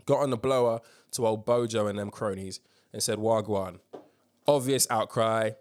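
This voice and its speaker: A man's voice: lowish voice, steady tone, normal speed, darkish tone. A man hosting a casual current-affairs podcast, telling a story emphatically with swearing and lots of ums. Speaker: podcast host.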